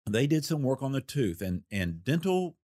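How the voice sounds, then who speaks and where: A man's voice: medium pitch, very animated, normal speed, dark tone, no echo, clean studio sound. A man, a former federal investigator, telling a case story in a folksy, plain-spoken interview manner and acting out the voices he quotes.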